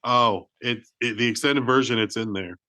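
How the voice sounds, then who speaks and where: Bright and forceful, this mid-range male voice moves at a moderate pace with no room sound. He's a film podcast co-host who tells meandering stories, constantly saying "like" and starting over.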